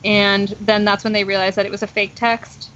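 Young female podcast host, chatty and filler-heavy, mid pitch, slightly muffled recording with light background hiss. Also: flat delivery, normal speed, a bit bright. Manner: chatty, lots of "like" and "um". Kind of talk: casual chat. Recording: dull lo-fi sound with faint noise.

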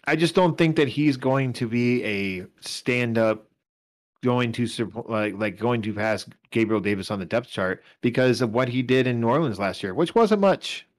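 A man with a mid-range voice and normal speed co-hosts a casual fantasy football podcast. Sounding a little tired, he rambles, corrects himself, and talks his way through the stats.

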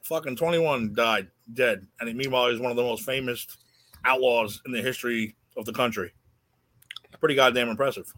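A man's voice: mid-range voice, brisk, a bit bright, dry recording. A man co-hosting a casual comedy podcast, talking bluntly and cursing in a laid-back way. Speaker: podcast co-host.

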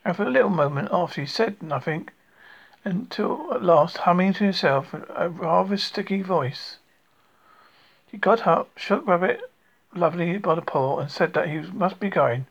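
A reader narrating a children's storybook, unhurried, with small slips. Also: medium pitch, lively intonation, gravelly, husky. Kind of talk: storybook reading. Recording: lo-fi recording.

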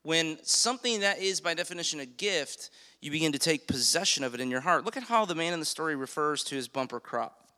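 Male pastor delivering a sermon; emphatic, asks the room questions, bright tone, reverberant hall. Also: a little high, expressive. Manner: emphatic, slows for key phrases, asks the congregation questions.

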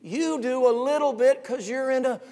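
An older man preaching a sermon, dropping to hushed asides and then rising to fervent shouts. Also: very high-pitched, normal speed. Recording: long reverb of a large hall.

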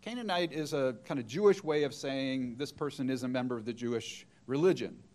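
A man's voice: medium pitch, brisk, darkish tone. A middle-aged man preaching a sermon, retelling a story and acting out the quoted voices.

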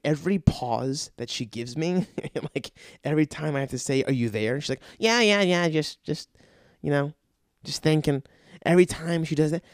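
A young man telling a comic story with lots of swearing, acting out other voices and swinging from loud rants to low mutters. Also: no echo.

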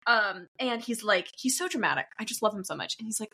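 A young woman co-hosting a podcast, recapping a reality show in casual chat, animated and laughing, often mimicking people. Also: fairly high pitch, brisk, hardly any pauses, slightly rough. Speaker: podcast co-host.

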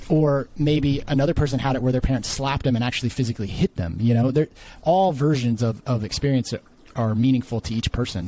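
A man's voice: medium pitch, dark tone, low-quality recording. A man guest on a podcast, earnestly explaining his views on relationships in long, winding, reflective phrases. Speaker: podcast guest, life coach.

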